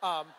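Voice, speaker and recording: A man answering fan questions at a convention panel in a loose, playful way, laughing often and filling pauses with ums. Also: sharp tone, a little hiss or hum. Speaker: actor, convention panel guest. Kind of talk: joking convention Q&A chat.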